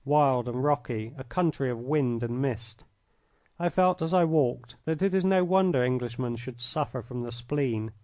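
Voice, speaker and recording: A man reading an old adventure story aloud in the first person, measured and expressive, close to a studio mic. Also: medium pitch, no echo. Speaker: audiobook narrator.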